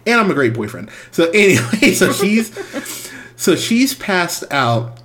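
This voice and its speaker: A man's voice: sits high, a little slow. Exasperated young man telling a story. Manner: animated, exasperated, breaks into laughs. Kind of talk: casual anecdote telling.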